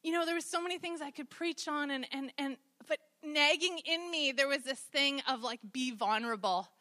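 A woman's voice: sits high, steady tone, moderate pace, bright, forceful tone. A woman preacher giving a conversational sermon, telling stories with humor. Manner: chatty, storytelling with humor.

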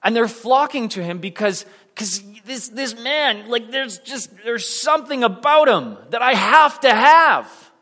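A man's voice: very high voice, expressive, a little slow, few pauses, pushed and bright, big-room sound. A male preacher giving a sermon in a casual, rambling way, with restarts and self-deprecating jokes.

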